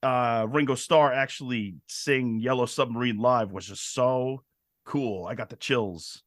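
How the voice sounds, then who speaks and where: A man co-hosting a podcast, telling stories in an excitable, animated casual chat. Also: mid-range voice, unhurried, no room sound, clean studio sound. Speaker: podcast co-host.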